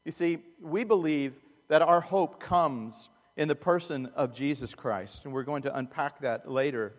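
Man, pastor, sermon, slightly high voice, earnest emphasis, long hall echo. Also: unhurried. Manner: earnest preaching that swings from loud emphasis to hushed asides. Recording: long reverb of a large hall.

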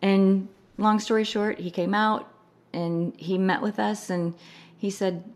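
A woman's voice: mid-range voice, takes it slowly. A woman telling a personal story in a casual chat, acting out the voices of the people she quotes. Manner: animated retelling, laughing through quoted lines. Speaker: guest.

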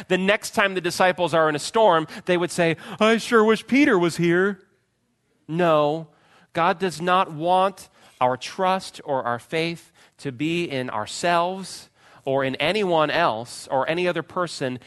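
A man preaching a sermon, retelling a story with dramatic swings from loud pleading cries to hushed, quiet phrases. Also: a little high. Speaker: pastor.

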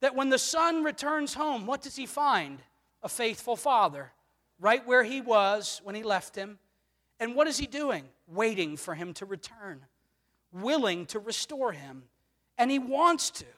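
Guy preaching a sermon, asks the room lots of questions, gets loud then soft, church echo all around. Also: extremely high pitch, expressive, measured pace. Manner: earnest preaching, rhetorical questions, swells and drops in volume. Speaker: pastor. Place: church sanctuary. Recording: long reverb of a church hall.

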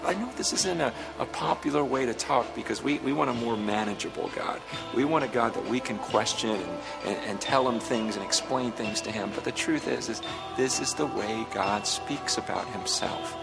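Gravelly-voiced man preaching over music. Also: medium pitch, normal speed. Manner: conversational preaching, acts out dialogue. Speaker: pastor. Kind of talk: sermon. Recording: music playing under the voice.

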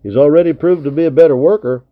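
A man's voice: fairly high pitch, fast talker, voice pushed up, lightly acted. A man reading the part of a good-natured fur trapper in a storybook, supportive and easygoing. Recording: tinny narrow lo-fi recording.

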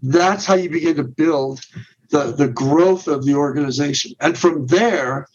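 A middle-aged man explains a ministry plan point by point in a podcast interview. His voice sits a bit high and he restarts and repeats words as he goes. The recording sounds dull and muffled. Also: measured pace. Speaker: guest, men's ministry director.

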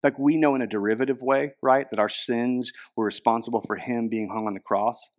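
A man's voice: mid-range voice, fairly even intonation, brisk. A young man preaching a sermon as a pastor, casual and conversational, with frequent fillers.

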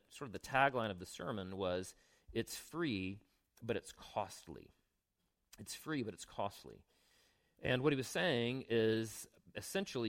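In a voice on the low side, a young male pastor gives a laid-back, conversational sermon. He weaves scripture readings together with side comments and questions for the congregation.

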